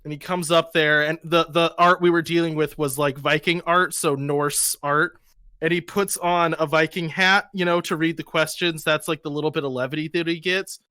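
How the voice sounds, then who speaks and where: A man co-hosting a podcast, telling funny stories in an animated way. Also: fairly high pitch, moderate pace, smooth, no echo. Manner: animated, storytelling. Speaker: podcast co-host. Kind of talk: casual storytelling.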